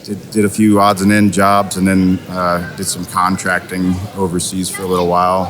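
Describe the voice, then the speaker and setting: Deep-voiced man, easygoing guest. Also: moderate pace, crowd noise. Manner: relaxed, rambling with fillers and restarts. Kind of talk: casual interview chat.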